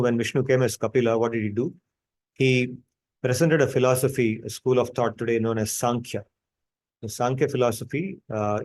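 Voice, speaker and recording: A man's voice: mid-range voice, darkish tone. Man teaching scripture. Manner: storytelling, explanatory, with many restarts. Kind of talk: explaining scripture in a class.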